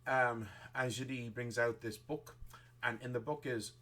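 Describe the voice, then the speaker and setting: A man narrating a tabletop game as game master, rambling with many pauses and restarts. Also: mid-range voice, fairly even intonation, sharp tone.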